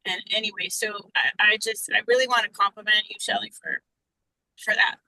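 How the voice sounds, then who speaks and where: A woman on a group video call, speaking in a heartfelt, halting way that often drops to a whisper. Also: medium pitch, fairly even intonation, creaky, sharp tone, low-quality recording. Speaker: group participant.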